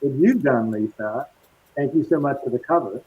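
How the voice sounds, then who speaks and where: A man's voice: medium pitch, normal speed, breathy edge, no echo. A man in his fifties, a guest speaking over a video call, cheerful and laughing as he talks. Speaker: guest costume designer. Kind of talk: casual video-call interview. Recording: tinny, dry video-call audio.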